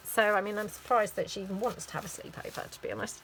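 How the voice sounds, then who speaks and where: A woman's voice: on the high side, lively intonation, a little fast, fairly bright tone, poor audio. Chatty woman crafting. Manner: rambling, chatty, with many fillers. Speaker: craft vlogger. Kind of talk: casual chat while crafting.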